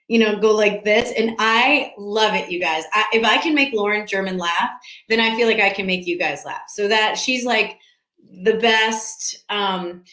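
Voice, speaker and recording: A woman chats through fan questions in a loose, scattered way, often restarting her sentences and laughing. Her voice sits at a middle pitch. She sounds like she is in a room at home with a noticeable echo. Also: a bit bright. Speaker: actress answering fan questions. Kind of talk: casual virtual fan panel. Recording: echoey room.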